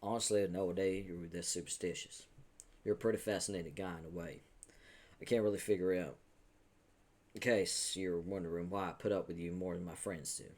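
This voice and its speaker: A man voicing a brash, cheerful young adventurer who talks quick and breezy in a comic read-aloud. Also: low-pitched, fairly even intonation, darkish tone. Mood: easygoing.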